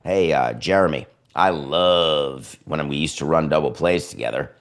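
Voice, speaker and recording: A man putting on a low, coaxing ballplayer. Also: moderate pace. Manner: coaxing, conspiratorial. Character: wheedling male ballplayer recruiting a teammate.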